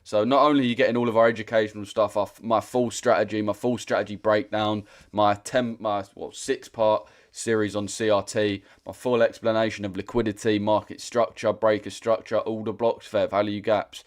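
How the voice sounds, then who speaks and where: Slangy British man, lowish voice, streaming live. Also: level tone, moderate pace, few pauses. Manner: slangy and direct, repeats himself. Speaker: trading livestream host. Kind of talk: casual livestream chat.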